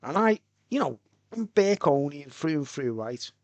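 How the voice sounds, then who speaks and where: Streaming live from home inside a soundproof-tiled tent, a Birkenhead man with a Merseyside accent chats away and keeps adding "right?" to what he says. He sounds a little high and sing-song, speaks unhurriedly, and the audio has no room sound.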